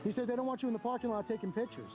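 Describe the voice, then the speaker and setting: Blunt high-voiced man filming outdoors. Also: rapid-fire, over music. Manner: blunt, mocking, chatty. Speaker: camera auditor filming police. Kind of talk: outdoor running commentary to camera. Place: outdoors, near a parking lot.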